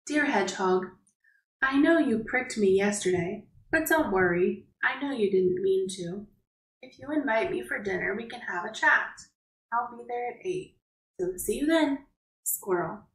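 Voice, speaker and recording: A forgiving, friendly squirrel from a picture book, read out by a woman teacher. The voice sits fairly high, and the room around it sounds echoey. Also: animated, a little slow, a little hiss or hum. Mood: kind. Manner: reads the letter aloud.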